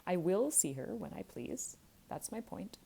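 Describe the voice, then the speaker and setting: A woman's voice: fairly low pitch, very animated, measured pace, creaky, dark tone, slightly rough, heavily acted, poor audio. A woman voicing a spiteful young man who sneers and speaks bitterly, in a bedtime storybook reading. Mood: defiant. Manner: sneering, defiant.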